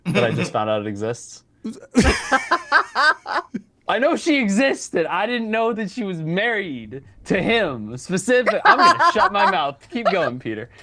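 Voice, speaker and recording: A male contestant with a slightly high, extremely lively voice that leaps all over. He makes jokes at his own expense in loose, casual banter. He sounds quick and playful. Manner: self-deprecating joker. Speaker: game show contestant.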